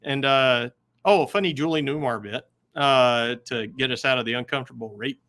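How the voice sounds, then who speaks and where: A man's voice: medium pitch, normal speed, a bit bright. A man guesting on a podcast, chatting casually and hesitantly with lots of fillers. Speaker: podcast guest, comic writer. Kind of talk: casual chat.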